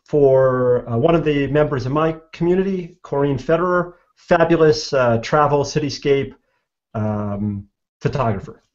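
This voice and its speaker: A man introducing himself on a web show with dry humor, pausing often, over a video call. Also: mid-range voice, darkish tone. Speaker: guest panelist. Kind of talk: casual self-introduction. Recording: dull video-call audio.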